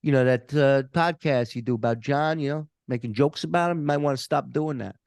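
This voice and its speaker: A man doing a gruff mafia-style heavy. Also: medium pitch, fairly quick, a little mellow, dry recording, studio quality, pitched above the performer's own voice, natural voice. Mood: gruff threatening. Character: menacing male heavy with a cane, mafia-style voice.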